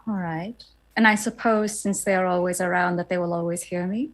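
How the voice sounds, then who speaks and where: A woman's voice: lowish voice, steady tone, fairly quick. A woman playing a tabletop game, talking in a thoughtful, tentative way. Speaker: player. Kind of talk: casual tabletop play.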